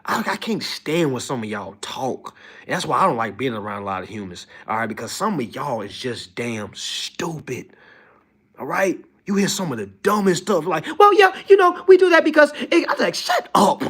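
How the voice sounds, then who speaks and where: Here the livestream host rants animatedly at a moderate pace, his voice carrying a breathy edge. It's a casual monologue where he addresses viewers as "y'all" and slips into mocking high-pitched impressions.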